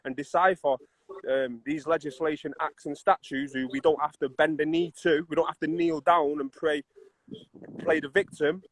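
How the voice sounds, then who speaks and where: A man explaining his views as a podcast guest, earnest and halting. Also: a little high, slight background noise, poor audio.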